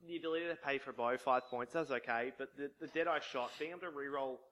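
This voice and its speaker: A man's voice: medium pitch, quick pace, a bit bright. A man guesting on a casual hobby podcast, talking with enthusiasm and cracking jokes. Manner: enthusiastic, joking. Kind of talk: casual chat.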